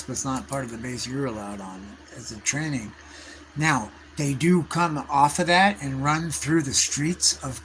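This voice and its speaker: A man's voice: medium pitch, a bit bright, slight background noise, low-quality recording. A man, rambling through stories on a livestream in profane slang. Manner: profane, slangy, calls listeners dude and bro. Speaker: livestream host.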